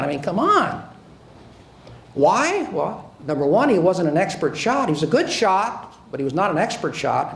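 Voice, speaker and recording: Older American man, ex-prosecutor lecturing an audience; high voice, mocking and emphatic, with a faint hiss behind him. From United States. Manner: sarcastic and emphatic, with frequent repeats and restarts. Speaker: former prosecutor and author giving a talk. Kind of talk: speech to an audience.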